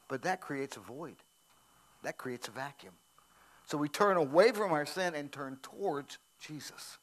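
An American man, a pastor, preaching a sermon in a church, repeating key phrases and sinking his voice low for emphasis. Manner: conversational preaching, emphatic repeats, drops to near whisper. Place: church sanctuary.

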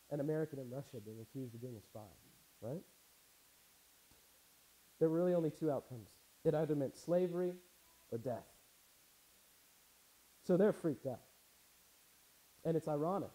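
A man's voice: medium pitch, mellow, poor audio. A man preaching a casual sermon, reading scripture aloud and adding wry, conversational asides. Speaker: pastor. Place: church.

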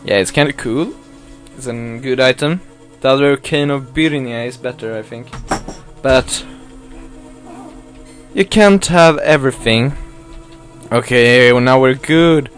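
A man's voice: medium pitch, unhurried, pauses often. Rambling man narrating his gameplay. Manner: rambling, self-mocking, apologetic, swears. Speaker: let's play gamer. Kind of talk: casual game commentary. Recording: faint game music behind.

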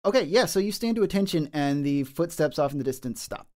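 A man's voice: fairly high pitch, expressive, fast talker, darkish tone. Man narrating as game master. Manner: descriptive, hesitant with fillers.

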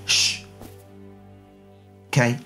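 A young man streaming a game with commentary, hoarse from illness, goofy and quick to shrill yelps. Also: pushed and bright, soft background music.

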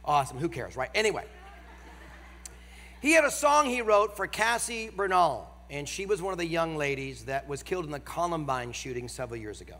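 A man's voice: a little high, lively intonation, pushed and bright. Nasal, emphatic Northern preacher man. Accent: American Northern. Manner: emphatic, slows down for key phrases. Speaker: guest preacher. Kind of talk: sermon. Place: large church auditorium. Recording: long hall reverb.

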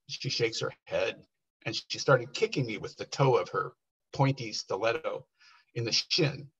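A man speaking at a workshop, telling a story with animated bursts when he quotes people. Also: medium pitch, husky. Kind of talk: storytelling talk. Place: workshop room. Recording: dull lo-fi workshop recording.

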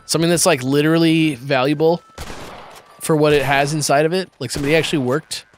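A man's voice: on the high side, steady tone, quick pace, slight background noise. A young man hosting a let's play, chatting casually with rambling fillers. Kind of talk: casual gaming commentary.

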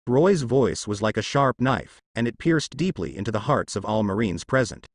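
A man narrating fan fiction as an audiobook in a steady storytelling manner. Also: lowish voice, moderate pace, few pauses, no room sound, clean studio sound.

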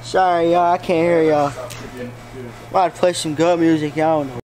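High-voiced man protesting in jest. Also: fairly even intonation, moderate pace, over music. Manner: defensive, joking, protesting. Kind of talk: casual banter. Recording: noisy background.

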